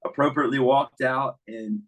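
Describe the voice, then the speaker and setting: A man's voice: medium pitch, fairly even intonation, normal speed, a bit bright, low-quality recording. A man, a baseball coach, chatting casually as a guest and telling stories with lots of fillers and restarts. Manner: easygoing storyteller, many restarts and fillers. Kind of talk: casual podcast chat.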